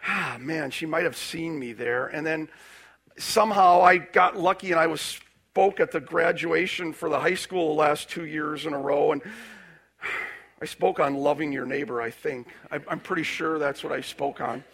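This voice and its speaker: A male pastor telling a personal story in a sermon, animated, with restarts and acted-out quotes. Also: fairly high pitch, moderate pace, gravelly, slightly rough.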